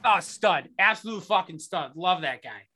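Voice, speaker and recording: A man's voice: high-pitched, animated, moderate pace, pushed and bright. A man in his thirties co-hosting a podcast, ranting sarcastically and swearing through casual sports chat. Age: 30s. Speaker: podcast co-host.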